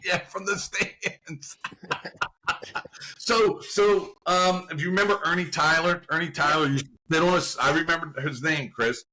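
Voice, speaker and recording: A man from the Baltimore area, a guest actor, telling an animated anecdote in casual conversation with bursts of laughter. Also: fairly high pitch, normal speed, background noise. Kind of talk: casual storytelling.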